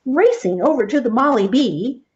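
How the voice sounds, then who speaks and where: A woman reading a picture book aloud, gentle and expressive, stopping to point out the pictures. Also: high-pitched, normal speed, highs cut off. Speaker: storybook reader.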